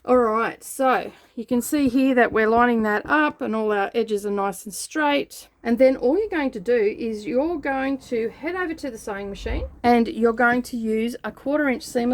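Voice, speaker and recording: Woman, slightly high voice, easygoing sewing tutorial host. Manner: relaxed, chatty instructions with frequent "okay" and "all right". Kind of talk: step-by-step craft tutorial.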